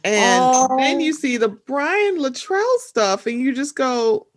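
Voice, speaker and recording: Animated young woman. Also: high-pitched, takes it slowly, few pauses, dry recording, studio quality. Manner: animated, acts out her own reactions in quoted asides. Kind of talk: casual chat.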